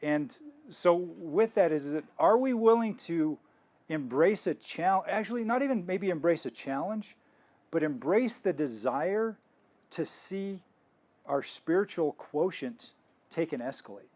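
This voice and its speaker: Guy giving a faith talk, bit high voice, rambles n restarts a lot, tells stories. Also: expressive, unhurried, darkish tone. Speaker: health ministry teacher.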